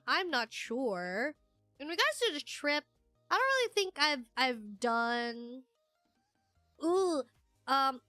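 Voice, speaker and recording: Giggly, rambling woman streamer with a bright voice, quiet music underneath. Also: sits high, dry recording. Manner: giggly, rambling with many fillers. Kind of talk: casual livestream chat, reading chat aloud.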